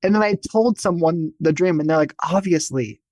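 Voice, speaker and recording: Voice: medium pitch, brisk, a little mellow, no echo. A speaker in a casual spiritual podcast conversation, talking chattily in a self-mocking way with lots of fillers.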